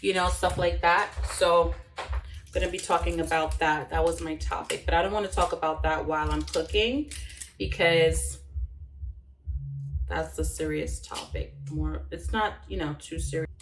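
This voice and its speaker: A woman's voice: deep voice, fairly even intonation, moderate pace, roomy sound, distant mic, faint music behind, low-quality recording. A young woman born in Jamaica, chatting casually while she cooks and trying out patois phrases. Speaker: cooking vlogger. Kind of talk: casual chat while cooking.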